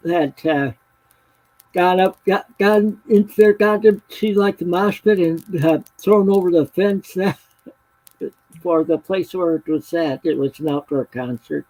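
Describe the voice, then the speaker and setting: A man's voice: high voice, measured pace, warm tone, dry recording, poor audio. A man chatting casually on a video call, hesitant, with many fillers and self-corrections.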